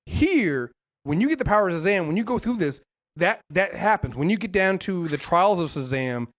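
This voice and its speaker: A man's voice: high voice, sing-song, normal speed. A man co-hosting a casual podcast, talking in long rambling runs with many restarts and some swearing. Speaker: podcast co-host. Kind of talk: casual comics podcast chat.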